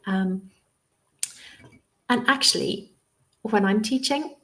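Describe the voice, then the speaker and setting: A woman's voice: medium pitch, slow pace, gravelly. A woman leading an online lesson as a teacher trainer, explaining patiently and often checking in with "okay?". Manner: reassuring, frequent "um" and "okay?" check-ins. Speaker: TEFL trainer. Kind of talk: webinar lesson.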